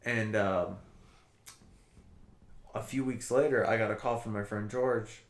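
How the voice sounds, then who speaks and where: A man's voice: lowish voice, measured pace. A man co-hosting a podcast, telling a long story in casual, profane chat. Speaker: podcast co-host. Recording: roomy echo.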